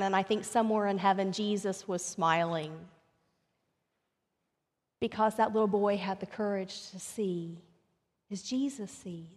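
In a church sanctuary, a woman pastor preaches a sermon, telling a story that builds to emphatic questions. Her mid-range voice is slightly mellow, and the recording carries the long reverb of the sanctuary.

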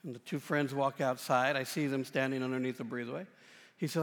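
A man in his forties with a rather high voice delivers a sermon, telling a story from his own life. He is conversational and self-deprecating, rising loud and then dropping to a hush. His voice rings out with the long reverb of a church hall. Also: animated, a little fast. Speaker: pastor. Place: church sanctuary.

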